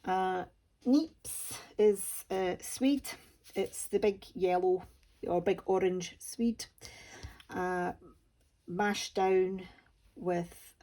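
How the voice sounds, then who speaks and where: Slow, mellow Scottish woman chatting. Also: on the low side. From Scotland. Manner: chatty, homely, self-deprecating humour. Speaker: crafting channel host. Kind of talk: casual chat to camera.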